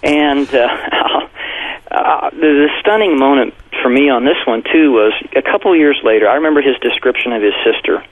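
A male pastor and author with a mid-range voice tells a personal story in an interview at normal speed. He's animated, acting out quotes in a raised voice, and the audio is tinny, like a phone-line broadcast.

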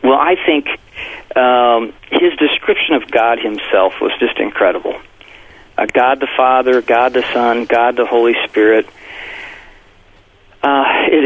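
A male pastor and author telling a personal story in an interview, acting out quotes in a raised voice. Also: medium pitch. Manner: animated, acts out quotes with raised voice. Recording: tinny phone-like broadcast audio.

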